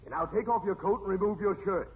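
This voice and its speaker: An actor playing a brisk police doctor with a dry wit in a 1940s radio comedy. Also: male voice, high voice, close to an everyday voice. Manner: brisk, wisecracking. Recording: dull old radio broadcast with hiss.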